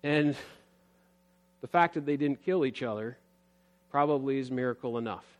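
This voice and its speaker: A man preaching a sermon as a pastor, earnest, building emphasis and then dropping low, with scripture read aloud. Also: normal speed, highs cut off.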